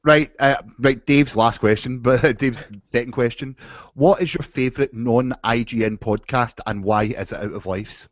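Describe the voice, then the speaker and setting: A man's voice: medium pitch, normal speed. A male podcast host with a mid-range voice who reads out listener questions, joking and laughing often. The sound is very dry, with no room echo, and the audio is dull and lo-fi. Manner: jokey, often laughing while reading questions. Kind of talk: casual podcast chat.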